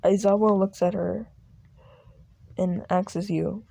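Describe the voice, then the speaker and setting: A young woman narrating a fan audio drama slowly, halting and restarting. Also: medium pitch, fairly even intonation, gravelly, mellow.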